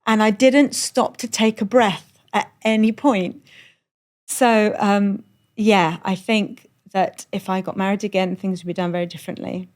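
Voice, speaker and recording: A woman's voice: mid-range voice, steady tone, measured pace, darkish tone. A middle-aged woman from Iran, a comedian guest on a podcast, telling candid, self-deprecating stories and swearing freely. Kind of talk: candid storytelling chat. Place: on a moored boat.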